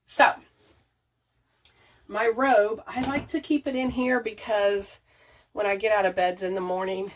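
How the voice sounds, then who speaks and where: A woman's voice: medium pitch, steady tone, a little slow, pauses often, a little hiss or hum. A woman vlogging to her viewers while organizing her bathroom, chatty and thinking aloud, laughing often. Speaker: budget and declutter vlogger. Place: home bathroom. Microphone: camera set up nearby, moved around.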